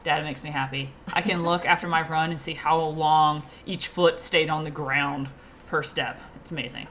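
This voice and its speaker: A woman's voice: sits low, fairly even intonation, normal speed, fairly bright tone, a little hiss or hum. A woman guest talking casually and enthusiastically about running, laughing easily. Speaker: podcast guest, teacher and runner. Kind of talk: casual chat.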